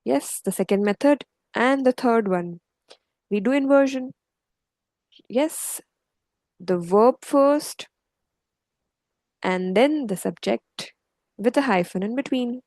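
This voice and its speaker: Woman teacher going thru french grammar slow and patient, dry close sound. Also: fairly high pitch, a little mellow, no echo, low-quality recording. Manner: patient, explains step by step with frequent okays. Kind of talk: online language lesson.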